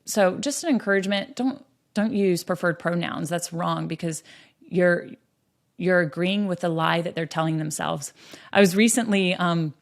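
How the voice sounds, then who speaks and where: Give me an earnest woman hosting a podcast, voice a little on the low side. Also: normal speed, creaky. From western North Carolina, USA. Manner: earnest, storytelling, frequent um fillers. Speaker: podcast host. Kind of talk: earnest conversational monologue.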